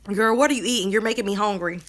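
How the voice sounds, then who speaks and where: A woman, talking to her viewers in a casual live stream, animated and drawling. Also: mid-range voice, quick pace. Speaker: co-host of a live video chat. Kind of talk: casual live-stream chat reading comments.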